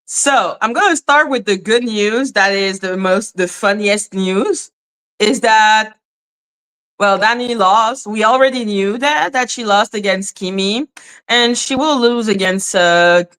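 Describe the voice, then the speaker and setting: A woman's voice: medium pitch, takes it slowly, a bit bright. A woman hosting a casual livestream, chatting loosely, exclaiming and greeting viewers by name. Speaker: livestream commentary host.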